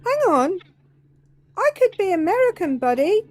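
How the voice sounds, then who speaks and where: A woman's voice: extremely high pitch, big pitch swings, moderate pace, a crowd in the background. A woman with a British accent co-hosting a live politics stream, mocking and teasing a caller. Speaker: co-host. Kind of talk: casual live stream chat.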